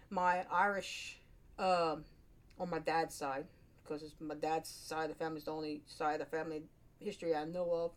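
A woman's voice: deep voice, fairly even intonation, a little fast. A woman vlogger talking to camera in a casual, rambling monologue. She is chatty and self-deprecating, and often trails off and restarts her sentences.

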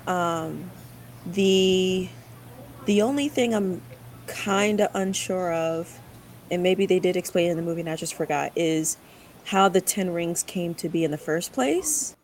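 A woman's voice: on the low side, a little slow, darkish tone, slight background noise, rough recording. A woman giving her views in a casual group chat, hesitant and full of fillers. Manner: thoughtful, hesitant with many fillers. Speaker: podcast panelist.

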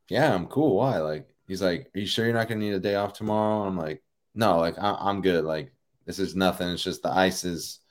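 Deep-voiced man telling a story loosely. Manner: relaxed, rambling, many fillers like "you know" and "like". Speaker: professional baseball player, guest. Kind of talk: casual interview storytelling.

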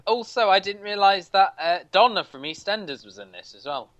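A man's voice: high voice, lively intonation, fairly quick, fairly bright tone, no echo, highs cut off. A man co-hosting a TV review podcast, making dry jokes and insisting on his point. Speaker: TV reviewer co-host. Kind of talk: casual chat reviewing TV.

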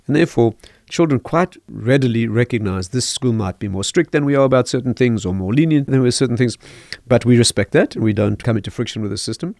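An older man, a rabbi, explaining parenting calmly in a podcast interview and telling stories. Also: medium pitch, creaky, no echo, clean studio sound. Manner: measured, storytelling, chuckles at own anecdotes. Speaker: rabbi, guest teacher.

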